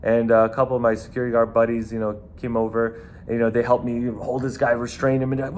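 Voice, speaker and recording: A man's voice: medium pitch, level tone, quick pace, darkish tone, slight background noise. A man with a New York accent, a former bouncer, telling a rambling, profane story in casual talk.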